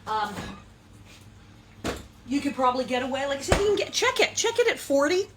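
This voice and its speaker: A woman's voice: high voice, sing-song, fairly quick, background noise. Playful, chatty woman hosting a cooking show. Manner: playful, chatty, sing-song asides. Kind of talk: casual cooking demonstration. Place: kitchen.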